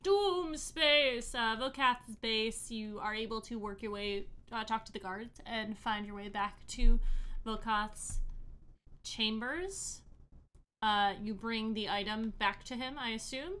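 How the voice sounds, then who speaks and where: Gal running a tabletop game, bright crisp voice, laughs a lot. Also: female voice, fairly high pitch, slow pace. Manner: animated, laughs often. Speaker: game master.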